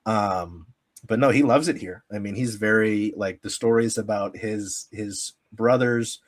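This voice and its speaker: Laughing, rambling American sports reporter. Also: male voice, on the low side, measured pace. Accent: Pacific Northwest American. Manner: rambling, laughs often, many fillers. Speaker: sports media creator, guest. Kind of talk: casual podcast interview storytelling.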